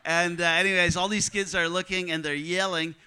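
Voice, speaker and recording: A man's voice: sits high, level tone, a little fast, sharp tone, smooth, low-quality recording. A man telling a personal testimony story, vividly acting out the dialogue of the people in it. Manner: vivid storyteller who acts out quoted dialogue. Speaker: speaker telling a mission testimony.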